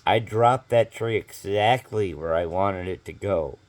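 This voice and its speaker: A man with a low-pitched voice speaks a little slowly, telling a rambling story to camera in a casual vlog. His delivery is loaded with fillers and swearing.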